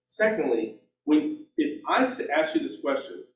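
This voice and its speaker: Man, middle-aged, sales trainer, lively storytelling, echoey room, far from the mic. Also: on the high side, unhurried. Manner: animated storytelling, acts out dialogue, self-mocking. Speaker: real estate team trainer. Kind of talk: team meeting training talk. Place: meeting room.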